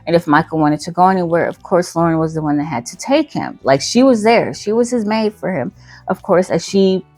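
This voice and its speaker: A woman's voice: lowish voice, a little fast, a little mellow, no room sound, faint music behind. A woman hosting her channel, telling a story casually, full of fillers and self-corrections.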